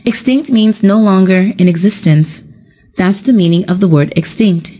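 A young adult woman teaching an English lesson in a slow, careful, explanatory way, scripted narration. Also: mid-range voice, dark tone.

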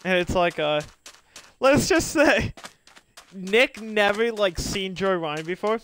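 A young man streaming a game, chatting casually and excitably with many fillers and laughs. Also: sits high, takes it slowly, a little hiss or hum. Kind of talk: casual gaming chat.

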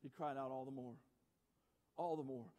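A man preaching a sermon as pastor, dropping low and quiet then rising to shouts. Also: fairly even intonation, normal speed. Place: church sanctuary. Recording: church sanctuary with long reverb.

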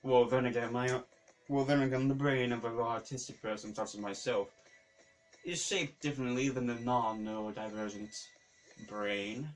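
A man vlogging in a casual talk to camera, halting and often repeating himself as he searches for words. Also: medium pitch, a bit bright.

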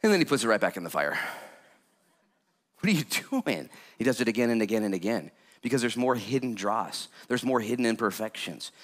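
A male pastor delivering a sermon with lots of energy. He jokes with the congregation and jumps from calm explanation to sudden loud, excited bursts. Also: on the low side, brisk. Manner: animated, jokey preaching with sudden loud bursts.

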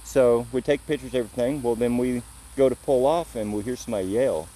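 A man from Illinois tells his story outdoors in a plain, easygoing way, acting out both sides of the exchange. His voice is mellow and dark, at an ordinary pitch, with a faint hiss of outdoor noise behind it. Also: fast talker, poor audio. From Illinois, USA. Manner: plain-spoken, retells events through quoted back-and-forth. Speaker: visitor telling what happened to him. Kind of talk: casual spoken storytelling.

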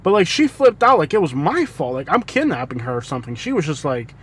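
A man's voice: mid-range voice, very animated, quick pace, hardly any pauses, slightly rough, low-quality recording. A man, a rambling storyteller who laughs often, chatting casually while driving at night. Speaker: rideshare driver vlogging. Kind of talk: casual driving vlog chat. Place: inside a car driving at night. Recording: faint street noise behind. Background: faint road and traffic noise.

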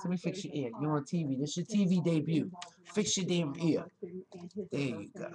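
A woman's voice: low-pitched, moderate pace. A woman recording a webcam video at home, showing off her pet and talking to him in doting baby talk. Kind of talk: casual webcam vlog. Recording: TV chatter in background.

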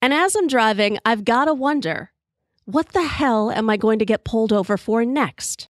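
Podcast host, woman, higher register, wry and profane storyteller, dry close recording. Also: expressive, moderate pace, no echo. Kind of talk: storytelling monologue while drinking whiskey.

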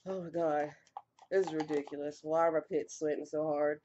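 A woman's voice: deep voice, fairly even intonation, normal speed, mellow, dull audio, slight background noise. A young woman vlogging casually, exasperated and sighing, her mouth burning so she can barely talk. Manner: exasperated, sighing between lines while eating hot noodles. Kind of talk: casual vlog chat.

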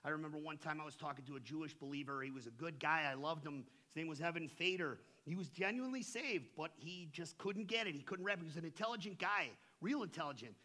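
Man, middle-aged, pastor, sermon in a church, somewhat high voice, street slang, hushed to shouting. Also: quick pace, hardly any pauses. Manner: impassioned, swings from hushed to shouting; conversational, street-style preaching with slang. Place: church sanctuary.

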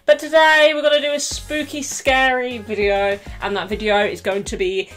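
Young uk girl doing a chatty unboxing vlog, kinda high voice, bubbly and a bit breathless, apologizes a lot, faint music behind. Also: little pitch movement, normal speed, a bit bright. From United Kingdom. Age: young adult. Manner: bubbly, apologetic, self-mocking. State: slightly out of breath. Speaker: vlogger. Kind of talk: casual unboxing chat.

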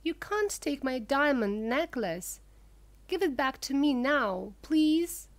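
A frightened young woman pleads and begs in a raised voice, put on by a woman reading a storybook aloud. Her voice sits high and moves a lot, rising at the end of each plea. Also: big pitch swings, slow pace, heavily acted. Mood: pleading. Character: angry young woman afraid of her husband.

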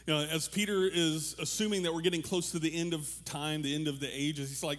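A pastor giving a relaxed, conversational sermon to his congregation, joking with them and restarting his sentences often. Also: fairly high pitch, fairly quick. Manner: casual, animated, joking, many fillers and restarts. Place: church room with a congregation.

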